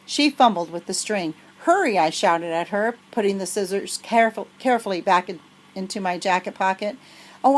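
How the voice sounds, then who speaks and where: Woman reader for a children's novel, lively storyteller. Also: medium pitch, rough recording. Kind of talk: reading a children's novel aloud.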